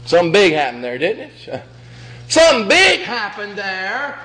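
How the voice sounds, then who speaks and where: A man's voice: high voice, wildly swooping pitch, normal speed, sharp tone, rough recording. A man preaching a sermon with emphasis, acting out the scripture he quotes.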